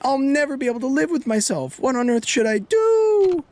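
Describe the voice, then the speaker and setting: A man reading aloud for a frantic young mother in a video game, high-pitched and pleading. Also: sing-song, moderate pace, a little mellow.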